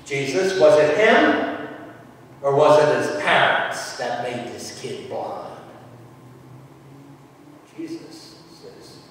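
Slow, emphatic preaching man in echoey hall. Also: mid-range voice, big pitch swings, a little hiss or hum. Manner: emphatic, dramatic preaching with sudden loud outbursts. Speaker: pastor. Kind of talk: sermon. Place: church sanctuary. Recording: echoey church hall from far off.

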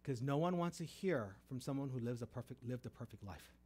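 An animated preacher, telling his testimony with lively storytelling. He acts out the voices in the dialogue he retells, with a voice of middling pitch. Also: brisk, slightly rough. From Texas. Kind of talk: testimony sermon.

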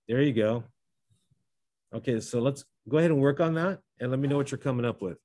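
A man's voice: medium pitch, fairly quick, mellow, no echo. Dry-sounding male teacher working through steps. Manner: talks through steps, self-correcting. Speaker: math teacher. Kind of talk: classroom lesson.

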